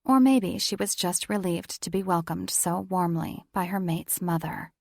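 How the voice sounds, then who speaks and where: Gravelly woman narrating a romance. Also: on the low side, measured pace, a little mellow, dry recording, studio quality. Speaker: audiobook narrator. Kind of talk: scripted narration.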